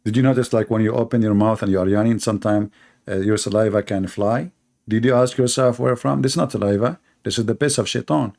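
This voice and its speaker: A man's voice: on the low side, fast, gravelly, a little mellow. A man giving a sarcastic, mocking religious polemic in non-native English. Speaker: religious debater. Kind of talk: polemical monologue.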